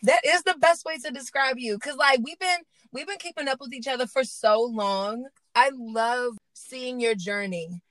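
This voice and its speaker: Woman podcast host, high voice, lively, slangy, laughs a lot, dry close sound. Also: normal speed, hardly any pauses, no echo, rough recording. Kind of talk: casual podcast interview.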